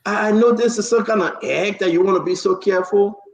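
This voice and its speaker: Fast and fiery, a political talk show host with a high, gravelly voice interrupts others and hammers his points by repeating them. The sound is roomy, and the higher frequencies are cut off.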